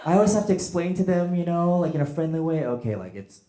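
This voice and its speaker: A man's voice: high voice, fairly even intonation, quick pace, warm tone. A man doing a stand-up comedy set on a club stage, chatting with the crowd and acting out voices. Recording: echoey club with audience noise.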